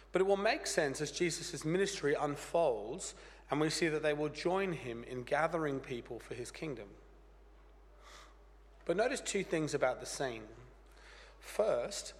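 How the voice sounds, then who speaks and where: A pastor with a croaky voice from a cold, preaching an earnest, plain-spoken sermon with light humor. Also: male voice, on the high side. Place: church. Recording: church hall reverb.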